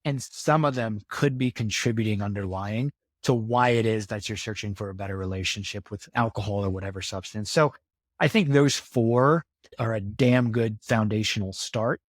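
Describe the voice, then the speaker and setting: A man's voice: lowish voice, normal speed, no room sound, clean studio sound. A man talking as a podcast guest in casual interview talk, earnest and motivational, repeating himself for emphasis.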